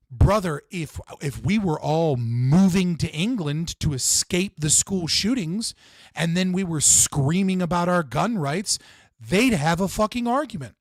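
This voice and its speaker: A man's voice: on the high side, animated, measured pace, no echo, clean studio sound. A man hosting a live stream, ranting in a heated, profane way and repeating himself for emphasis. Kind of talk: livestream political rant.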